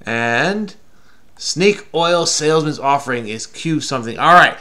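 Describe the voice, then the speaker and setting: A man's voice: on the high side, lively intonation, a little slow, bright, forceful tone. Playful man solving crosswords. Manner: playful teasing, explains clues patiently. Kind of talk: casual puzzle-solving chat with a child.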